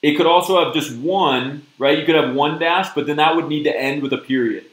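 A man's voice: a little high, brisk, fairly bright tone, reverberant, rough recording. A man teaching a live-streamed test prep lesson, upbeat and often checking in with "okay?" and "right?". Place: virtual classroom stream.

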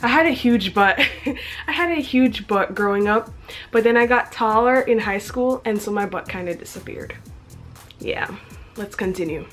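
A woman's voice: mid-range voice, moderate pace, a bit bright, faint music behind. A young woman reading her teenage diary aloud, breaking off for chatty, self-mocking asides and frequent giggles. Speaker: vlogger.

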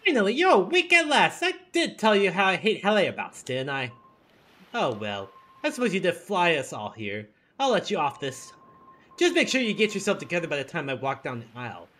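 A man's voice: sits high, big pitch swings, a little fast, bright, forceful tone, heavily acted. A man voicing a vain, haughty young bride in a game read-along, tart and condescending.

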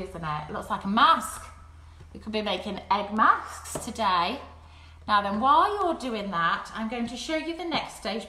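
A woman leading a live craft session for young children at home, talking gently and encouragingly. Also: mid-range voice, slight background noise. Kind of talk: live-streamed play-along craft session. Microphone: phone camera. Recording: echoey room at home.

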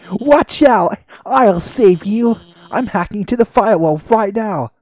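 An awkward female scientist blurts out rescue plans in an excited rush. The voice is mellow and lively in pitch, with faint game music behind, as a gamer voices her. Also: slow pace.

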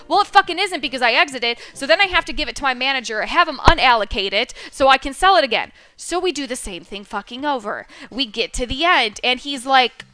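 A woman telling an exasperated, swear-heavy story about a slow customer at her retail job. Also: high voice, bright, forceful tone. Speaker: streamer telling a work story. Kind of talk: casual storytelling rant.

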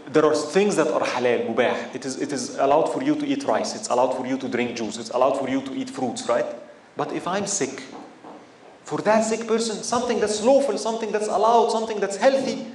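Guy teaching a religious class, kinda high voice, lots of "right?" questions, roomy echo. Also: brisk, slight background noise. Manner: animated, asks the audience frequent rhetorical questions. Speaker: Islamic teacher. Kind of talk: religious lecture. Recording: echoey room with faint ambience.

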